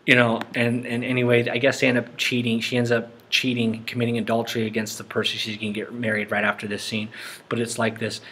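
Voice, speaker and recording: A man's voice: fairly low pitch, fairly bright tone, a little hiss or hum. A man giving casual, rambling Christian commentary on film clips, often repeating himself and acting out the people he talks about. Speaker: Christian documentary presenter.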